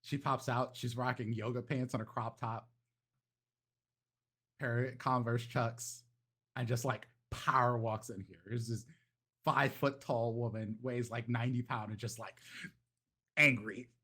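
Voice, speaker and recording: A man serving as game master, describing scenes in a casual, loose manner full of fillers. His voice is husky and sits at a middling pitch. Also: steady tone, measured pace, bright, forceful tone. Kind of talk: narrating a tabletop game.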